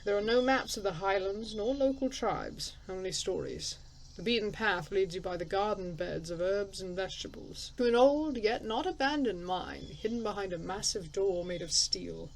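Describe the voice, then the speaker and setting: A woman's voice: mid-range voice, expressive, normal speed, slight background noise, low-quality recording. A woman playing a story game, reading its text aloud and thinking aloud in casual, chatty commentary, laughing at herself. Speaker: let's player.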